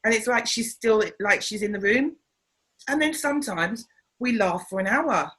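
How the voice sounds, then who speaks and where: A middle-aged woman, an interview guest and comedian, telling family stories in a casual, animated way and acting out the voices of the people she quotes. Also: on the high side, moderate pace, husky, rough recording.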